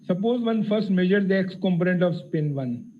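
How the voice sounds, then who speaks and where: A man with a fairly high voice walks through a physics lecture, careful and explanatory, pausing often on fillers. The audio is thin and phone-like. A faint hiss sits underneath it. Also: animated. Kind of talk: technical lecture.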